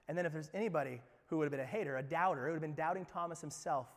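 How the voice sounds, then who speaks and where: A man with a high voice preaches a sermon from a church sanctuary, with a long reverb trailing every phrase. He swings from loud, emphatic declarations down to near-whispers and often repeats words as he builds a point. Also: rapid-fire. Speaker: pastor.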